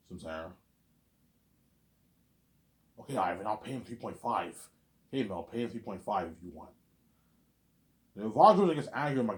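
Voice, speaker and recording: A man's voice: lowish voice, a little mellow. A man talking in a casual, rambling monologue, repeating himself and dropping in fillers like "obviously" as he goes. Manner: rambling and repetitive, lots of "obviously" and "you know what I'm saying". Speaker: vlogger. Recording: roomy echo.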